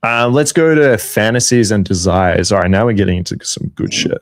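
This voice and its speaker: A man's voice: fairly low pitch, lively intonation, a little fast. A man hosting a casual chat about dating, talking loosely, joking and swearing often. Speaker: dating coach host.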